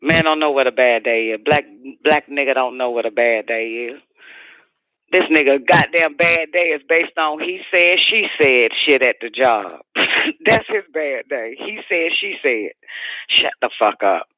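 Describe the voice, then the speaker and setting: A man's voice: mid-range voice, expressive, measured pace, dry recording, lightly acted. Guy putting on an angry woman cussing out her man, dry phone-line sound. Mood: furious. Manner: profane, shouting, scornful rant. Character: furious woman ranting at her partner.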